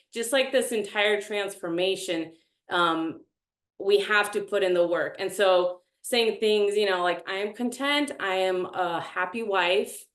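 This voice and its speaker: A woman in her thirties sharing her experience in a casual, animated, self-dramatizing way. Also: mid-range voice, roomy sound. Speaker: reality show contestant. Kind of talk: casual group chat.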